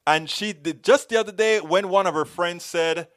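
A middle-aged Panamanian host of a political show reads viewer comments aloud on a live stream. His voice is high and a bit bright, his pace moderate, his accent Panamanian, and his delivery rambling, restarting and stumbling again and again.

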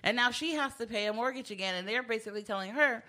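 A woman's voice: fairly high pitch, fast talker, bright, forceful tone. A woman in casual chat, recapping scenes of a show by quoting the characters.

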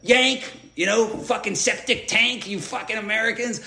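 A man doing a foul-mouthed boat captain, high-pitched shouting, coarse and blunt, echoey room. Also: steady tone, moderate pace, creaky, exaggerated voice. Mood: yelling.

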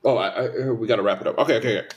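A man's voice: medium pitch, rapid-fire, lo-fi sound. A man in casual conversation, venting emphatically with lots of repetition. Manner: animated, repetitive, emphatic complaints. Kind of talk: casual opinion chat.

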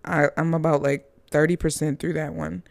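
A woman's voice: deep voice, level tone, normal speed, creaky, darkish tone, dry recording. A woman reviewing movies in a casual, chatty, gushing manner with playful asides.

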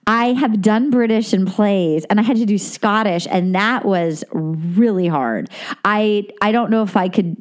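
A woman actress as a guest in a casual chat, animated, laughing often and swearing freely. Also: medium pitch, a little slow.

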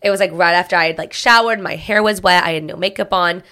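Chatty young mom, lots of "like". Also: female voice, fairly low pitch, fast talker, pushed and bright. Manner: chatty, many filler "likes". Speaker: podcast co-host. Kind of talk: casual chat.

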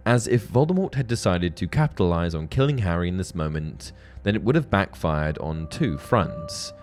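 Low-voiced man narrating a video essay. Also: animated, normal speed, a little mellow. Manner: earnest, analytical, reads book passages aloud. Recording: faint background music.

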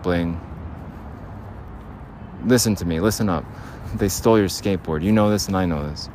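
A man's voice: fairly low pitch, moderate pace, darkish tone, slight background noise. A man talking on his own podcast while walking outdoors, ranting bluntly and swearing casually as he rambles. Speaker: podcast host. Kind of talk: rambling solo podcast monologue.

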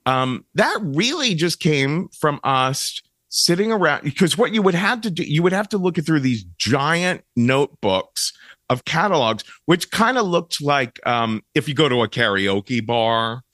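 A man's voice: on the high side, sing-song, unhurried, a bit bright, no echo, studio quality. A middle-aged man from Ohio, a guest telling stories animatedly in a casual interview and laughing often. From Cincinnati, Ohio, USA.

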